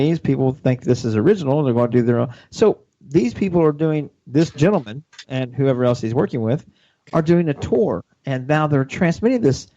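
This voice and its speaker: A man's voice: on the high side, mellow. Emphatic man, lo-fi radio. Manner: emphatic, argumentative. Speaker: radio show co-host. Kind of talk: casual radio chat. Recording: dull lo-fi radio sound.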